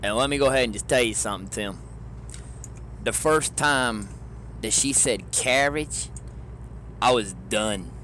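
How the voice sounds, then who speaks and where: A man from Georgia with a Southern accent, chatting with his stream viewers in a relaxed, rambling way, often chuckling. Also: medium pitch, measured pace, pauses often, slight background noise. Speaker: live streamer. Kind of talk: casual chat with stream viewers. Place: in a car.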